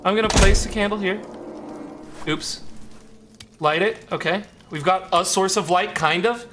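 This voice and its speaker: A man with a high voice streams a horror game live, jittery and muttering to himself, repeating lines when scared. Faint hiss and clicks sit behind him. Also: measured pace.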